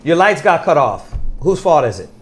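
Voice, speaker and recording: A man preaching in a casual, animated storytelling manner, often laughing and dropping to a soft voice when quoting people. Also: a little high, normal speed. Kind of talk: casual religious teaching.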